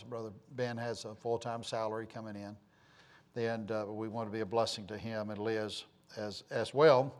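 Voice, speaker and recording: Man, pastor, folksy rambling storyteller, mid-pitched voice, church talk. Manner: rambling, folksy, many fillers and restarts. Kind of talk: informal sermon announcements and storytelling.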